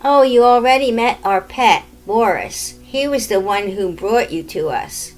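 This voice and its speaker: A woman voicing an eerie old ghost woman who speaks in a slow, sugary, menacing way. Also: a little high, expressive, faint music behind, poor audio. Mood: gloating.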